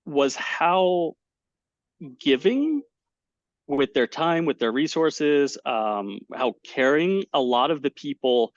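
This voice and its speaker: A man, a poker commentator, telling stories in a casual interview over a video call, animated and full of fillers and restarts. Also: on the high side, slow, no room sound. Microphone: webcam setup at home. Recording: dull, dry lo-fi call audio.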